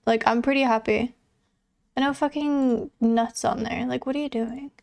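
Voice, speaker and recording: A woman's voice: on the high side, steady tone, normal speed, vocal fry, a little mellow. A young adult woman livestreamer chatting casually with viewers, swearing freely and laughing often. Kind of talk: casual chat reading viewer messages.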